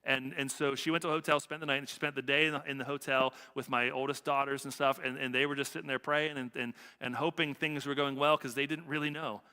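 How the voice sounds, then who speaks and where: Bright-voiced pastor in reverberant church. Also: male voice, medium pitch, level tone, fast talker, hardly any pauses, clear, resonant tone. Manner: conversational, repeats phrases, frequent "right?". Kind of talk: sermon with personal story. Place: church sanctuary.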